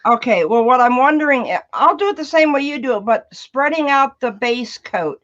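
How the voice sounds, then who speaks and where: A woman's voice: sits high, animated, normal speed, fairly bright tone, dull audio. A woman joining a live art stream as a guest, talking in an upbeat and eager way. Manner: upbeat and eager, greeting viewers. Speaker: guest artist. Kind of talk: casual live-stream chat.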